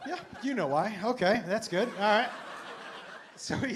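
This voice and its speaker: A man doing stand-up storytelling on stage, animated and profane, laughing through his punchlines. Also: high voice, measured pace, pauses often, a faint crowd, slight background noise. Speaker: stand-up comedian.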